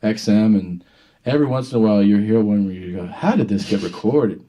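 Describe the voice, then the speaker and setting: A man's voice: lowish voice, brisk, warm tone. A male comedian telling a story in casual podcast chat. He swears freely, laughs as he talks and mimics the people in his story. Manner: profane, laughs while telling, mimics other people's voices.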